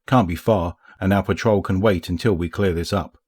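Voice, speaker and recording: A man's voice: deep voice, fairly even intonation, moderate pace, darkish tone, husky. A man voicing a weary warrior who speaks bluntly and tersely.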